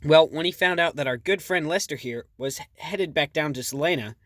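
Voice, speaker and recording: A man voicing a teenage boy who speaks in a flat, final tone in an audiobook. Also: a little high, normal speed, no room sound, studio quality, close to an everyday voice. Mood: firm.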